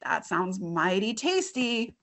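A woman's voice: mid-range voice, big pitch swings, slow pace, a bit bright, exaggerated voice. Woman doing a cheerful, folksy police officer.

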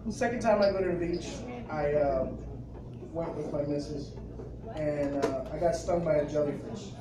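A man, telling animated stand-up stories at an open mic and acting out other people's voices. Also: a little high, normal speed, crowd noise. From the Bronx, New York. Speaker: stand-up comedian. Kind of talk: stand-up comedy set. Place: club open mic, live audience. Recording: noisy crowded room, distant and echoey.

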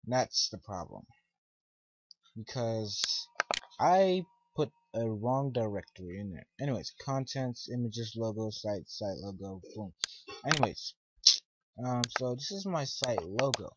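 A man's voice: medium pitch, animated, unhurried. Rambling teen guy, lo-fi hissy mic. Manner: rambling, easily frustrated, talks to himself. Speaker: tutorial maker. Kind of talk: casual screen-recorded coding tutorial. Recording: dull lo-fi mic with loud hiss. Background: keyboard and mouse clicks.

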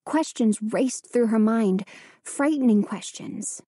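Slow, measured female audiobook narrator. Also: fairly high pitch, animated, a little mellow, husky, no room sound, clean studio sound. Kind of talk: scripted narration.

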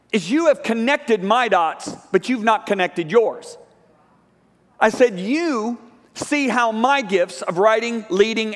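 High-voiced man preaching in a reverberant church. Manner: animated storytelling, acts out dialogue. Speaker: guest preacher. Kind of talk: sermon storytelling. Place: large church sanctuary. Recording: live church hall reverb.

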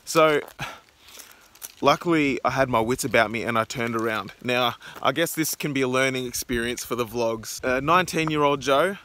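A young man talking straight to a handheld camera, chatty and rambling, his voice jumping up when he gets excited. There is a faint hiss of noise behind him, from a car or the open air. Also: mid-range voice, normal speed. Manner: rambling, excitable, filler-heavy. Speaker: vlogger. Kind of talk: casual vlog narration. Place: in a car and outdoors.

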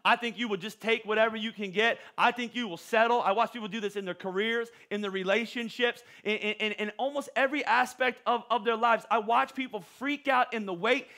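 Bright, high-voiced animated pastor. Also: male voice, fairly quick, creaky, few pauses. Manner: animated, joking preacher with stammering restarts. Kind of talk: sermon. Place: church auditorium.

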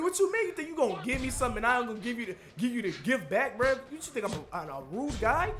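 A man's voice: extremely high pitch, big pitch swings, racing, hardly any pauses, noisy background. A man trash-talking his opponent while playing a boxing game, taunting and grunting punch noises. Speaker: gamer streamer. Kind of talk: live trash-talking gameplay commentary.

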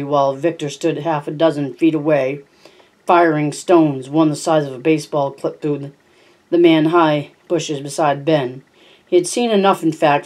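A homemade audiobook narration at a middle pitch with a warm, dark tone. The reader trips over words now and then and backs up to fix them. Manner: frequent stumbles and self-corrections. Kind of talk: reading a novel aloud.

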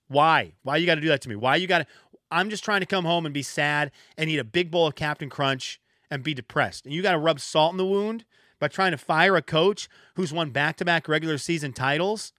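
A man hosting a solo sports podcast, ranting in an exasperated way and second-guessing himself out loud. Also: fairly high pitch, no echo, studio quality. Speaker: podcast host.

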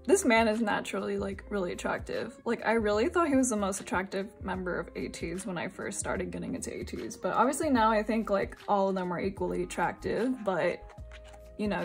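A young woman from Singapore chatting casually while unboxing albums, giggly and gushing, now and then breaking into high squeals. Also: brisk, soft background music. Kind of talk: excited casual chat.

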